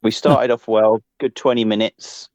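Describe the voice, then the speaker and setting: Low-voiced man joking on a podcast. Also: fairly even intonation, moderate pace, a little mellow, no room sound. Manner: jokey, teasing, chatty. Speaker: podcast co-host. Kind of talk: casual football chat. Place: lives in Liverpool.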